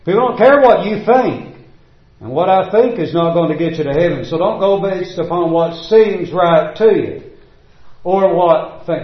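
A man's voice: high voice, expressive, moderate pace, echoey room, muffled recording. A man preaching a sermon, reading scripture in old-fashioned wording and hammering home repeated refrains.

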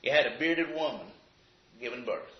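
A man's voice: mid-range voice, animated, moderate pace. A man preaching a sermon in a church, emphatic and repetitive, firing off rhetorical questions. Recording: echoey, dull lo-fi sound.

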